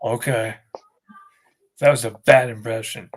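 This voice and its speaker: A man's voice: medium pitch, steady tone, unhurried. A man co-hosting a casual podcast, teasing his co-host and calling out the next impression. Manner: teasing, directing the game. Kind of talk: casual chat.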